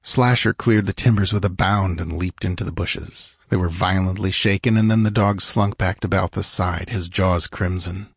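A man narrating an action-filled fiction story, measured and dramatic, slowing for grim moments and lifting for the fighting. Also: low voice, fairly even intonation, gravelly, breathy edge, no room sound, clean studio sound. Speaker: audiobook narrator.

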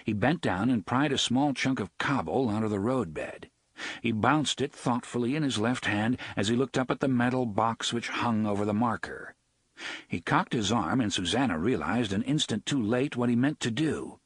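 A man narrating a novel as an audiobook in an expressive storytelling read. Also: mid-range voice, normal speed, slightly rough, no echo, studio quality. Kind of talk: scripted narration.

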